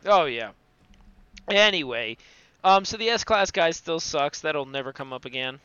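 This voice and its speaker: A man's voice: on the high side, animated, a little slow, bright, forceful tone, clear, resonant tone, dry recording. A man co-hosting a casual podcast, sarcastic and hesitant in his talk. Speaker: podcast co-host. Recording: dull, dry lo-fi mic.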